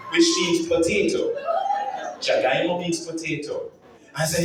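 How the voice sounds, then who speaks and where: A man from Jamaica with a Jamaican accent, telling playful, emphatic stories in a lively speech to a live audience. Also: a little high, moderate pace, crowd noise. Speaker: guest speaker at an anniversary event. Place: large event hall. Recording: echoey hall, far from the mic. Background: piano playing.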